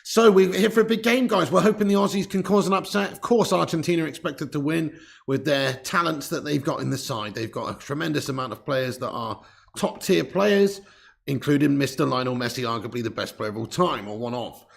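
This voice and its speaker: A man hosting a live football watch-along stream, chatty and excitable, greeting viewers and swearing casually. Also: on the high side, fairly quick, creaky.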